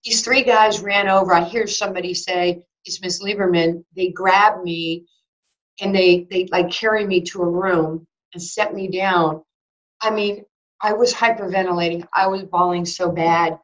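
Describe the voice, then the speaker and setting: A woman in her sixties, a former basketball player and broadcaster, telling a personal story in an interview, animated and acting out both sides of conversations. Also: on the low side, normal speed. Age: 60s. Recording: slightly dull lo-fi audio.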